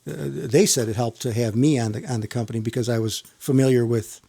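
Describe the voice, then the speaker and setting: A man's voice: mid-range voice, fairly even intonation, fairly quick, vocal fry, mellow, slightly rough. A man who works as a firefighter, telling a long story in casual chat with many restarts and casual swearing. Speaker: firefighter guest.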